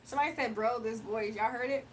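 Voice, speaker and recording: Young woman, casual live streamer, slangy and giggly, high-pitched, light noise under the mic. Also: quick pace, far from the mic. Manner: chatty, laughs often, slangy. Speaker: livestream host giving spiritual readings. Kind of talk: casual livestream chat, reading viewer comments aloud.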